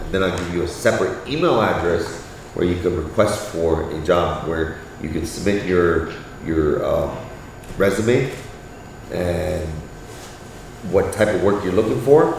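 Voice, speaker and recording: A man's voice: low-pitched, a little slow, a little hiss or hum. Blunt profane man, roomy far-off sound. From Canada. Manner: blunt and profane, repeats "you get what I'm saying". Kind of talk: casual chat. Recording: echoey, far from the mic.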